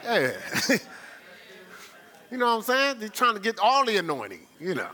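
Pastor, male, lively sermon delivery, bright, acts out scenes in voices. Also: high-pitched, normal speed.

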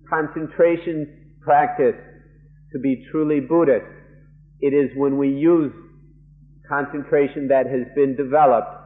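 Very slowly and at a mid-range pitch, a male monk renders a dharma talk into another language in real time. He takes each idea in brief, careful phrases, often stopping and starting over, and the recording is a narrow, muffled archival tape.

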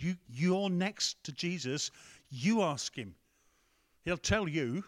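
A man's voice: a little high, animated, slow. A man preaching a conversational sermon, breaking off to ask the room and the tech team for help. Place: church hall with a screen.

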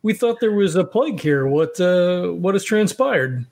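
A man's voice: high voice, animated, unhurried, gravelly, a little mellow, exaggerated voice. A man playing a fussy young male scholar in a tabletop game, speaking hesitantly with plenty of filler sounds. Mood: polite, unsure.

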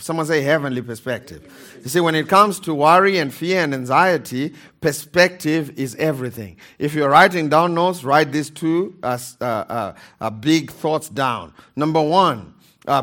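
A man's voice: a little high, fairly bright tone. A man preaching a sermon in a church, repeating key phrases and calling for amens. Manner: calls for amens from the congregation. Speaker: pastor.

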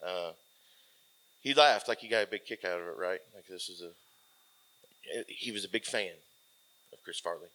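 A man in his forties with a somewhat low voice tells a story from his military days in a loose, conversational way. He leans on fillers and restarts, and his sentences often trail off softly. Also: moderate pace, pauses often. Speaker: military veteran guest. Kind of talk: casual storytelling.

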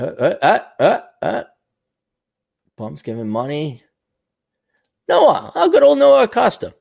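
A man's voice: medium pitch, gravelly, darkish tone. A man hosting a livestream, reading viewer donations and ranting bluntly with plenty of profanity, fillers and restarts. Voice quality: fast, loose delivery with many fillers and restarts. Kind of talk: casual livestream rant.

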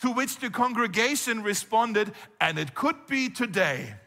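Bright-voiced pastor preaching in a hall. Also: male voice, extremely high pitch, unhurried. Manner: conversational, animated preaching with rhetorical questions. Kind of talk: sermon. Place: church hall.

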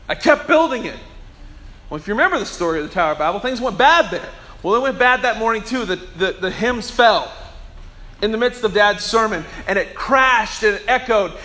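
Bright high-voiced preaching man. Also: expressive, moderate pace. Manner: storytelling, emphatic, acts out quotes. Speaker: pastor. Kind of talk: sermon.

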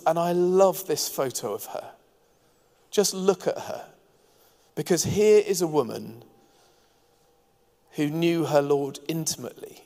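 A man's voice: fairly high pitch, measured pace, long pauses, warm tone. A man preaching a sermon as pastor, earnest and engaging, with light asides to the congregation. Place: church hall. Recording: long hall reverb.

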